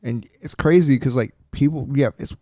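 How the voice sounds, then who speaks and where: A man co-hosting a podcast, telling an excited, profanity-heavy travel story in casual chat. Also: mid-range voice, normal speed, no echo, studio quality. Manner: excited storytelling, heavy swearing, laughs often. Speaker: podcast co-host.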